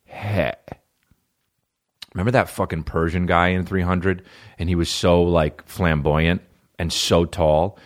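A man's voice: low voice, fairly even intonation, a little slow. A young man hosting a podcast, riffing profanely in casual comedic chat and jumping into silly voices. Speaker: podcast host.

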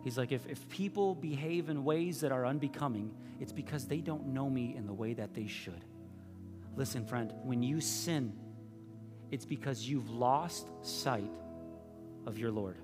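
A man preaching a sermon, telling the story with lively voices, swinging from loud bursts to hushed, intimate asides. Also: medium pitch. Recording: reverberant hall with faint music.

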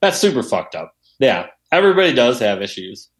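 A man telling stories in a casual chat, animated and heavy on swearing. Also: medium pitch, a little fast. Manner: profane, animated storyteller. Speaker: podcast guest. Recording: roomy echo.

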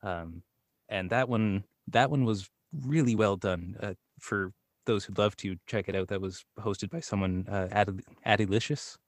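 Quiet low-voiced man, dry sound. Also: unhurried, no echo. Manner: soft-spoken and quiet. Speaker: voice actor guest. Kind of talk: casual interview chat.

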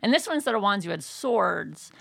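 A woman's voice: mid-range voice, sing-song, a little fast, gravelly, a bit bright, dry recording. A woman retelling a role-play adventure in casual chat, leaning hard on "like" and acting out the lines of the people in her story. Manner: chatty, filler-heavy with frequent "like", acts out quoted lines.

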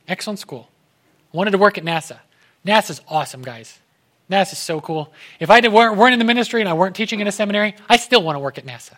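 A young male preacher with a high, bright voice gives a casual sermon. He talks in an animated way and slips into the voices of the people in his story. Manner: animated, acts out quoted voices.

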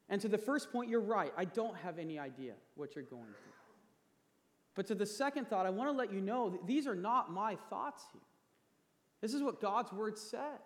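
A pastor in his thirties delivers his sermon in a high, earnest male voice, pressing his points until they land with emphasis. His words ring out with a long reverb that fills the large church hall. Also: very animated, normal speed. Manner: earnest, building to emphatic peaks.

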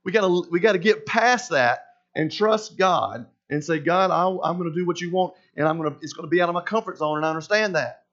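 A man preaching a sermon as pastor, animated and acting out voices of the people in his story. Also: sits high, a little fast, hardly any pauses. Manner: animated, acts out voices of Moses and God. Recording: dull lo-fi sound.

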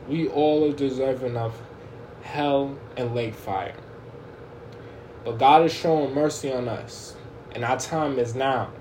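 A man preaching a fervent, informal sermon, speaking straight to his listeners at an ordinary pitch. He often repeats and restarts his words as he drives a point home. A faint hiss sits behind his voice. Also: slow pace, dark tone, reverberant.

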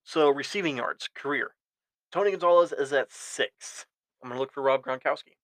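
A man's voice: medium pitch, normal speed, a bit bright, no room sound, poor audio. A man hosting a solo sports podcast, rambling and correcting himself as he gives opinionated fan takes. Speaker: podcast host.

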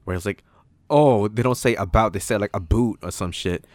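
A man's voice: lowish voice, fairly quick, no echo. A Canadian man hosting a podcast in casual chat, joking and teasing his co-host. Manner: joking, teasing, does goofy voices.

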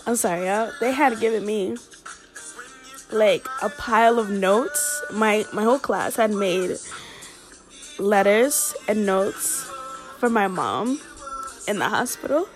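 A woman earnestly telling a personal story, halting and emotional as she speaks. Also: mid-range voice, animated, over music.

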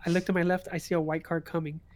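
A young male streamer with a slightly high voice, talking casually on a stream. He tells stories with animation and laughs easily between lines. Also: racing. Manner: animated storyteller, laughs often. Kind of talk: casual chat.

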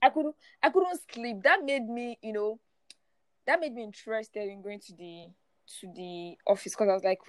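A woman's voice: fairly high pitch, normal speed, no room sound. A woman in her forties sharing her personal testimony as a guest, often laughing through it and repeating words as she goes. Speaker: guest speaker.

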